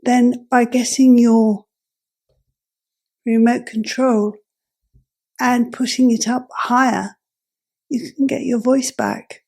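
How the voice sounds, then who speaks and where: A woman vlogger explaining step by step, her voice croaky and gravelly and breaking into breathy whispers, speaking in halting, self-correcting phrases. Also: a little high, steady tone, darkish tone. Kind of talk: explaining while adjusting a device.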